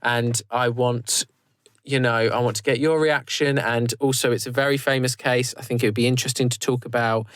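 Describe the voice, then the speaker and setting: A man hosts a podcast in loose, chatty talk, stumbling over restarts as he goes. His voice sits at a middle pitch and the sound is dry and close. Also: steady tone, brisk, a bit bright, no room sound. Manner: rambling, loose, with many restarts. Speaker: podcast host. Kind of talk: casual chat.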